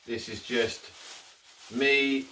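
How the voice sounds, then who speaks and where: A man's voice: medium pitch, steady tone, drawn-out words, pushed and bright, far from the mic, slight background noise. A man hosting his own cooking channel, talking to camera in a chatty, rambling way with jokey asides. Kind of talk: casual cooking vlog.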